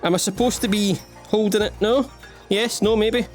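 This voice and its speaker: Soft background music sits under this gaming channel host, a Scottish man whose high voice stays steady and a little mellow at a moderate pace. He rambles while playing, tossing off self-mocking jokes and side remarks to the viewer in playful let's-play commentary.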